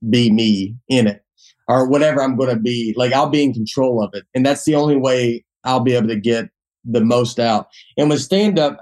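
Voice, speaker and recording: A man's voice: mid-range voice, a little mellow. A man in his forties with a Southern accent, a comedian talking casually on a podcast, rambling with many restarts. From Tennessee. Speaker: comedian guest.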